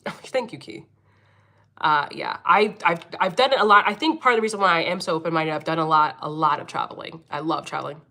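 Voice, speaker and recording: Woman streamer from Philly, Philadelphia accent, bright forceful tone, blunt and swears freely. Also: low voice, brisk. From Philadelphia, United States. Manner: blunt, profane, laughs often. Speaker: livestream host, angel medium. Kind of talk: casual livestream chat reading comments.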